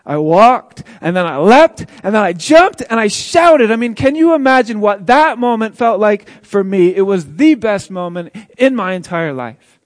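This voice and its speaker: A man performs a dramatic first-person monologue as an earnest, joyful former paralytic describing his healing, sounding excited. He speaks expressively at a moderate pace in a fairly high voice, chuckling as he goes, with dry, close sound and no room echo.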